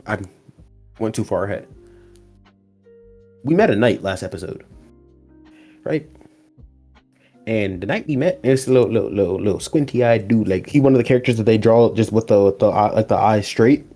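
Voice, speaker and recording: Animated man recapping anime, mellow voice. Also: on the low side, moderate pace, pauses often, faint music behind. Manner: animated storytelling, acts out characters' lines, laughs often. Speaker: podcast host. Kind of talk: casual anime recap chat.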